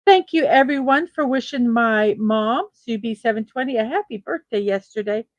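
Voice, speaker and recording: A woman's voice: a little high, moderate pace, dry recording, highs cut off. A woman hosting a casual daily morning livestream from home, chatty and easily distracted, greeting chatters one by one. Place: room at home with a fan running.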